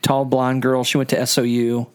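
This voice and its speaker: A man's voice: medium pitch, completely flat delivery, normal speed, clear, resonant tone. A man in casual chat, mostly giving short reactions and laughing along. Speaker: podcast co-host.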